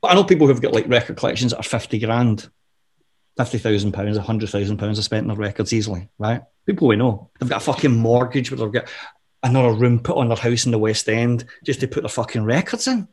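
A middle-aged man, a podcast guest telling swearing-laden anecdotes in a casual, animated way. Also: medium pitch, fast, slightly rough. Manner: profane, animated anecdotal storyteller. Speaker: interview guest. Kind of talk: casual storytelling interview.

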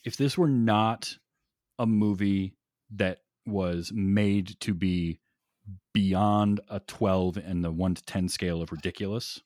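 A man's voice: low-pitched, steady tone, slow, darkish tone, no room sound, clean studio sound. A man co-hosting a casual movie discussion, enthusiastic and rambling, laughing often. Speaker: podcast co-host.

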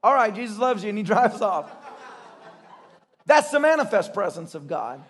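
Man, pastor, sermon, high voice, excitable, shouting bursts. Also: normal speed. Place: church service.

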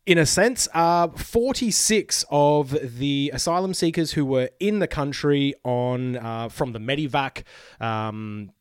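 A man in his thirties from Queensland with an Australian accent, hosting a podcast in casual chat, jokey and quick to laugh. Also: fairly high pitch, clear, resonant tone, faint music behind. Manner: laughs often, chatty and jokey, restarts sentences. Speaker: podcast host.

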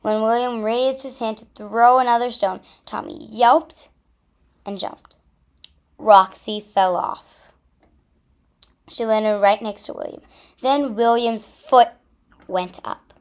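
Storyteller: woman, children's read-aloud, unhurried pace. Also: on the high side.

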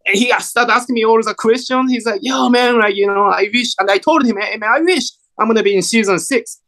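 A man's voice: extremely high pitch, a little fast, gravelly. A man in his forties from Japan with a Japanese accent, an actor chatting as an interview guest and acting out the voices in his stories. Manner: animated storyteller, acts out quoted voices, many fillers. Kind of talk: casual interview chat.

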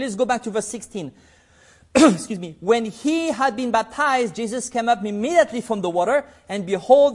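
A man giving a Bible study sermon, reading scripture slowly and deliberately, swinging between loud emphasis and hushed, earnest asides. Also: high voice. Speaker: preacher.

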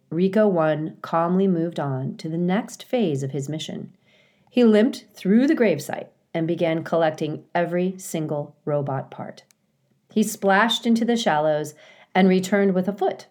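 Slow, low-voiced woman reading a story. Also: darkish tone. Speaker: reader. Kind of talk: children's novel read-aloud.

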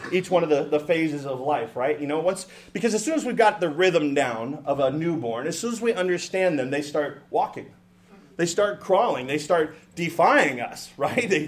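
A middle-aged man gives a sermon in a fairly high voice. He jokes with the room, restarts his sentences often and acts out what tired parents say. The delivery is casual and animated. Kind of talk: sermon with humorous asides.

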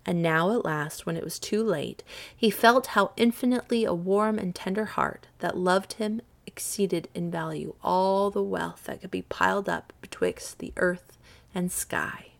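Expressive woman reading a storybook. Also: on the low side, unhurried, gravelly. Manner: expressive, gently paced. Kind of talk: storybook read-aloud narration.

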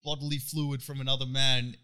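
Bright-voiced man from Ireland. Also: mid-range voice, flat delivery, a little fast, clear, resonant tone. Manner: laid-back storyteller, dry teasing. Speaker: podcast co-host. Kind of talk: casual banter with swearing.

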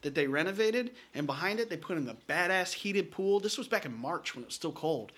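A man's voice: fairly high pitch, animated, a little fast, fairly bright tone. A man in casual chat, talking loosely with slang and swearing, often repeating words and restarting. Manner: swears freely, laid-back slang.

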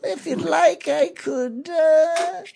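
A man voicing a petty, easily outraged male shopkeeper, haughty and shrill, drawing out his words to stress the price. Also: extremely slow, gravelly, warm tone, heavily acted.

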